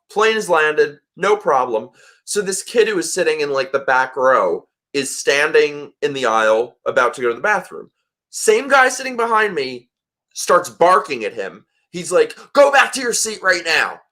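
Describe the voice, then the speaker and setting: A man hosting a casual livestream chat, telling a story in an animated way and swearing freely. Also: fairly high pitch. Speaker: host.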